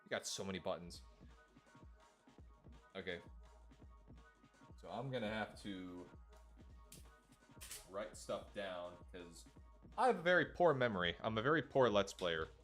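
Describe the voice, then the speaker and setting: A man's voice: on the low side, lively intonation, measured pace, long pauses, fairly bright tone, soft background music. A man streaming a video game, rambling through casual, self-deprecating commentary. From United States. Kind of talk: casual let's play commentary.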